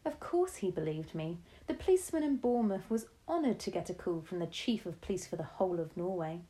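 Woman teacher, storytelling read-aloud, warm dark voice, steady delivery. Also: fairly low pitch, a little fast, low-quality recording. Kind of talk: reading a children's novel aloud.

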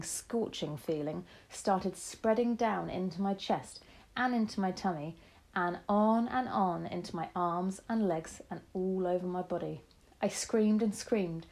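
A woman narrating a children's story in the first person, dramatic and expressive. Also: mid-range voice. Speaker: audiobook narrator.

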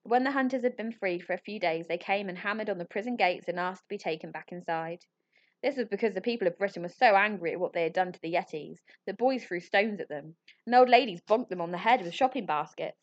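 Woman reading a children's storybook aloud. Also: mid-range voice. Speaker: narrator. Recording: slightly muffled audio.

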